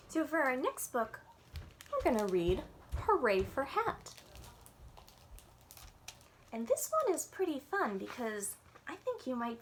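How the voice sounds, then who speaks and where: A woman's voice: high voice, fairly bright tone, slight background noise. A woman working as a children's librarian, reading picture books aloud to young listeners in a sing-song way and often stopping to ask them questions.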